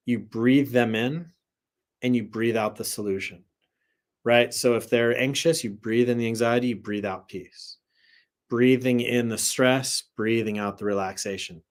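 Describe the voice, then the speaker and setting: A man giving a live spiritual teaching in a relaxed, conversational way, often asking "right?" and swearing now and then. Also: medium pitch.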